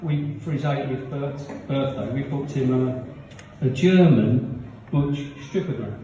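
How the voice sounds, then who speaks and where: Male stand-up, punchy joke delivery, warm low tone, distant dull mic in a big echoey room. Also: lively intonation, measured pace, slight background noise. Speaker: stand-up comedian. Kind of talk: live stand-up set. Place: comedy pub venue with live audience. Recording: roomy, distant, dull live recording.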